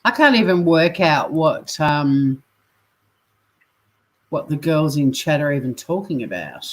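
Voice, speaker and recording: A woman's voice: low voice, lively intonation, measured pace. A woman co-hosting a podcast in casual chat, blunt and sweary, ranting with energy. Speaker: podcast co-host.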